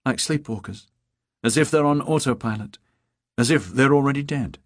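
A man voicing a sleepy, earnest young woman on the phone in an audiobook, with a soft, raised voice. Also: medium pitch, normal speed, no room sound, studio quality, voice pushed up, lightly acted.

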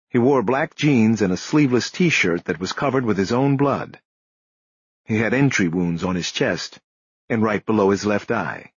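A man reading a crime novel aloud in measured, expressive scripted narration. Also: fairly low pitch, slightly rough, no room sound, highs cut off. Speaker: audiobook narrator.

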